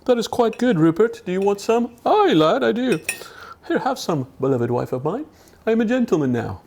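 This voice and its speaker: A man voicing a smug upper-class gentleman in a mock-posh put-on voice that drifts toward Australian. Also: a little high, big pitch swings, brisk, gravelly, slight background noise, voice pushed up. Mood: smug, pompous.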